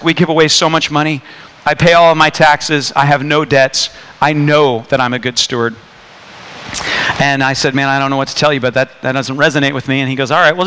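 A man preaching a sermon, telling a personal story in a casual, animated way with many fillers and restarts. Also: a little high, clear, resonant tone. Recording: long hall reverb.

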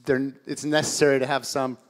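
A man's voice: mid-range voice, flat delivery, fairly quick. A man who is a church worship director, speaking with wry, self-deprecating humor at a service. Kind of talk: church announcement interview.

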